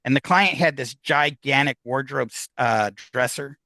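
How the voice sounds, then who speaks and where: Speaking in a mid-range voice that is bright and forceful, this Upstate New Yorker is interviewed on a podcast in a low-quality, echo-free recording. His long, rambling story stumbles over fillers and restarts as he performs other people's dialogue.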